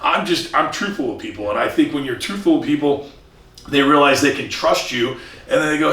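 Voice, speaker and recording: A man with a voice on the high side talks briskly and a bit brightly, recorded from afar in a reverberant room. He is a commercial real estate broker from Southern California, an earnest guest in a casual interview who restarts a lot and acts out quoted people.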